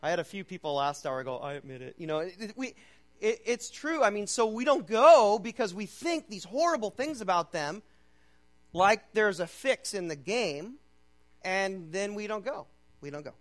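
A pastor preaching a sermon in a casual, conversational way. He keeps checking in with "okay?" and swings between loud, emphatic reading and low, quiet urging. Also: animated, normal speed, rough recording.

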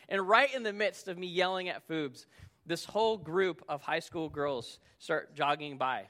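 Bright-voiced man pastor telling a story. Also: high voice, moderate pace. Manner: storytelling, animated, acts out shouting in the story. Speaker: lead pastor. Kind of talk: sermon with personal story.

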